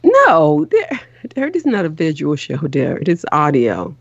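A woman's voice: low-pitched, huge pitch swings, a little slow, gravelly, breathy edge, no room sound, lo-fi sound. A middle-aged woman hosting a show, chatting casually in an earnest way that is full of restarts and repeats. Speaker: show host. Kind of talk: casual chat on a call-in show.

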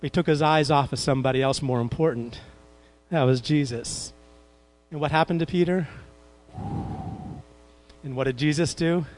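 Pastor, man, higher pitched voice, lively sermon delivery that keeps questioning the room. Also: moderate pace, long pauses, poor audio. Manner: animated, asks the congregation questions.

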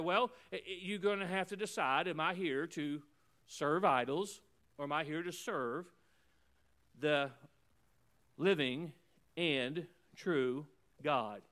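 Male pastor, high and resonant, preaching with emphatic repeated phrases and sudden drops to a hush. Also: slow, long pauses. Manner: emphatic preaching with swings between loud and hushed; repeats phrases in rhythmic runs. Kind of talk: sermon.

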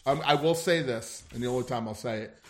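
A man's voice: mid-range voice, fairly quick. A man running a tabletop wrestling game as game master, giggly and rambling.

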